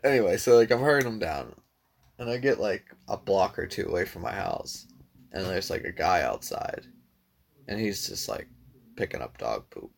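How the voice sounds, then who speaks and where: A man's voice: deep voice, very animated, normal speed, vocal fry. A man casually telling a long story to a friend, laid-back, swearing freely and filling his talk with "dude" and "like".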